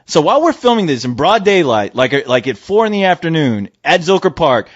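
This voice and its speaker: A man co-hosting a podcast, telling a story in casual chat, swearing and breaking into shouted impressions. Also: a little high, brisk, no echo. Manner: animated, swearing, jumps into loud shouted impressions of people. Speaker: podcast co-host. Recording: dry, dull lo-fi audio.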